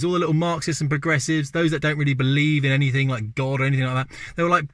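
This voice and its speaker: A middle-aged Englishman, delivering an opinionated talking-head monologue with forceful repetition and rhetorical questions. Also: on the high side, level tone, rapid-fire, few pauses, no echo, studio quality. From England. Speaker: video host.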